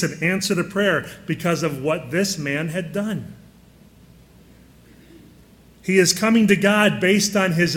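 A man's voice: high-pitched, a bit bright. A man preaching a sermon in a conversational way, often putting questions to his listeners.

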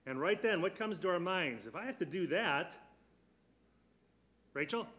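A man teaches a church Bible class in a slightly high voice. He is earnest and keeps putting questions to his students. He slows down to press on key words. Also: expressive, pushed and bright.

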